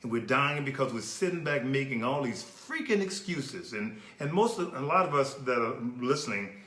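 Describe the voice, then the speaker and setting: A man's voice: mid-range voice, lively intonation, normal speed, pushed and bright, reverberant. A man who works as a fitness coach, speaking passionately and emphatically, often repeating words as he starts a sentence. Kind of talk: passionate talk.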